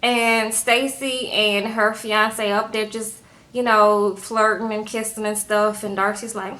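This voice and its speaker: A woman's voice: a little high, unhurried. A woman, recapping a reality show in casual talk and acting out the people's lines with sass, tagging "okay?" onto her sentences. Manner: animated, sassy, frequent "okay?" tags.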